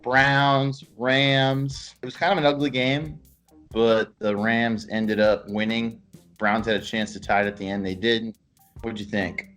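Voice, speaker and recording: A man's voice: mid-range voice, measured pace, soft background music. A man hosting a casual sports podcast, telling joking stories and chatting with his co-host. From Los Angeles, California. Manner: joking storyteller, lively swings in loudness.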